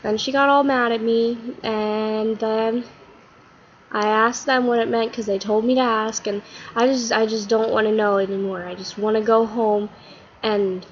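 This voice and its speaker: A woman's voice: on the high side, steady tone, normal speed, muffled recording, slight background noise, lightly acted. A woman voicing a sad, confused schoolboy who keeps getting in trouble, in a whiny, self-pitying way.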